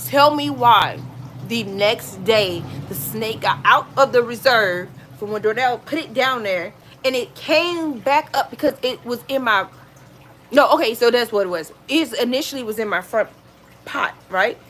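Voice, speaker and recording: A woman chats at home, telling her stories in a lively, exclaiming vlog style. Her voice sits a little high. A faint hiss runs under the recording. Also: a little slow. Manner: animated, exclaiming, dramatic retelling. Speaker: lifestyle vlogger. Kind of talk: casual storytelling chat.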